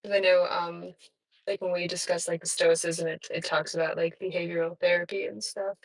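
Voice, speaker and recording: A woman's voice: lowish voice, little pitch movement, a little fast, low-quality recording. A woman in a casual discussion, asking questions hesitantly with frequent likes and ums.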